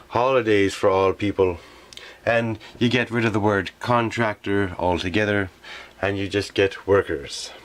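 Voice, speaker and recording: A man with a fairly low voice, ranting about his job as a garbage collector. He talks in an indignant, repetitive way, circling back to the same points and stopping often to hunt for a word. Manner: indignant, repetitive, often pauses with "how you say". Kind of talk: rambling monologue rant.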